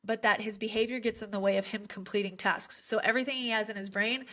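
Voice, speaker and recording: A woman's voice: medium pitch, fairly even intonation, fast talker, fairly bright tone. Earnest woman teacher telling a story. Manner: earnest, heartfelt storytelling with frequent fillers. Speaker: special education teacher. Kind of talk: podcast conversation.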